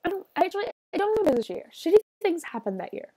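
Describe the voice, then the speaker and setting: A young adult woman chatting on a livestream while she plays, soft and halting with many fillers, tearful and sniffly. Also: extremely high pitch, big pitch swings, no echo. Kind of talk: casual stream chat while gaming.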